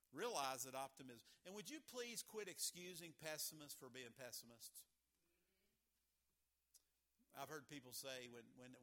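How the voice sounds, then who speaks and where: A male pastor preaching a sermon in a church, emphatic, repeating key lines and swinging between loud and soft. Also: medium pitch.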